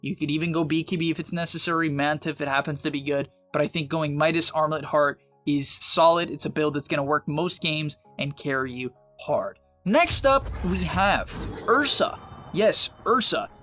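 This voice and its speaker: A young man in a casual, confident gameplay guide, giving quick, emphatic advice with slang. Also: fairly high pitch, pushed and bright, soft background music. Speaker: game guide presenter.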